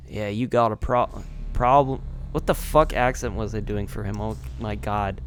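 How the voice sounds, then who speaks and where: A man's voice: mid-range voice, normal speed, a little hiss or hum. A man commenting casually on his gameplay, rambling and swearing, laughing at himself, a little tipsy. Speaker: let's play gamer.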